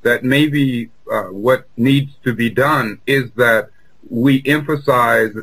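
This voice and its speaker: A man co-hosting a political talk show, speaking earnestly with frequent halting restarts. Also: mid-range voice, a bit bright, slightly rough, poor audio. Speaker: co-host.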